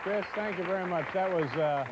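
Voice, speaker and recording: A man hosting a late-night talk show, speaking in a dry, halting way with lots of uh and restarts. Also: fairly high pitch, animated, over loud music, over a noisy crowd.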